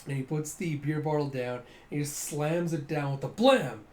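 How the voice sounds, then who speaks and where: A man casually reading through a comic, narrating in an excitable way, constantly saying "you see" and "he's like.". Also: on the high side, normal speed. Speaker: comic reader.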